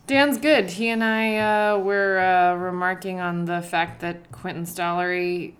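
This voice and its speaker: A woman's voice: fairly low pitch, steady tone, measured pace. A woman co-hosting a podcast, chatting casually and wryly about a recreational league, laughing easily. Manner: wry, laughing, conversational. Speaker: podcast co-host. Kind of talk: casual sports chat.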